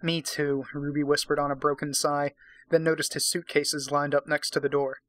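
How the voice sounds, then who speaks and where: A man's voice: a little high, flat delivery, brisk, a bit bright, dry recording. A man giving a drunken dramatic reading of a romance novel, breaking off for profane, sarcastic asides. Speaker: reader and commentator.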